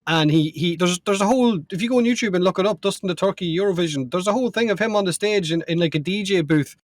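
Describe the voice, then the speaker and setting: A man's voice: high voice, no room sound, clean studio sound. A man with an Irish accent telling stories and joking in a casual podcast chat among friends. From Ireland. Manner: storytelling, joking, quick asides. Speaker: podcast co-host.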